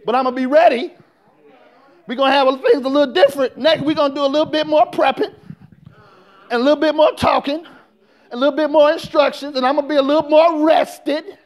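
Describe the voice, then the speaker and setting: A man. He works in call-and-response, swinging from quiet talk to full shouts. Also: very high voice, fairly even intonation, brisk. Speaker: pastor. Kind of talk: sermon.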